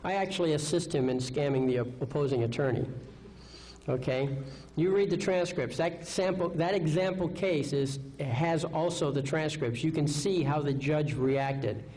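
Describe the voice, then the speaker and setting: A seminar speaker lectures live with confidence, asking rhetorical questions and pausing for "okay?". He talks at normal speed in a slightly high, darkish voice, and the recording is low quality.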